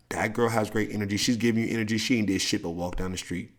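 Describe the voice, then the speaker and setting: A middle-aged man, a podcast host and coach giving a blunt, profane motivational monologue with big jumps in pitch. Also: steady tone, fast, hardly any pauses.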